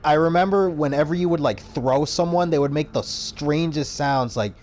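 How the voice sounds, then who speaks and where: A man giving casual, rambling gameplay commentary, excitable and full of profanity. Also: a little high, moderate pace, a little hiss or hum. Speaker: gaming YouTuber.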